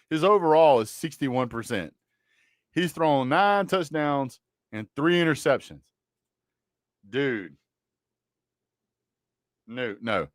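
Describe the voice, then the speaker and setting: A man's voice: medium pitch, no room sound, studio quality. A man hosting a casual college football livestream, joking and trash-talking bluntly about teams and players. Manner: joking, blunt trash talk with a Southern drawl of words. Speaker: sports livestream host.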